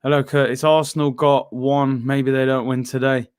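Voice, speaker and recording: A man's voice: mid-range voice, level tone, moderate pace, smooth, no room sound, studio quality. A man hosting a live football watchalong, chatting casually in slang and reading out chat messages.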